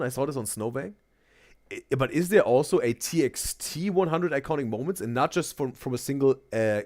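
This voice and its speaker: A man's voice: medium pitch, a little mellow. A man hosting a live reaction stream, chatting loosely with viewers and thinking aloud as he talks. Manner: rambling, chatty, addresses chat viewers directly. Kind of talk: casual live-stream commentary.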